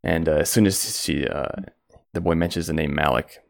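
A man's voice: very deep voice, fairly even intonation, moderate pace, vocal fry. A man narrating as game master at home, rambling with lots of fillers.

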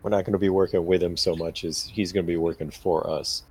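A man voicing a calm, persuasive male vampire who cuts deals in a tabletop game. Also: deep voice, fast, slightly rough, low-quality recording. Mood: scheming. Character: smooth scheming male vampire dealmaker.

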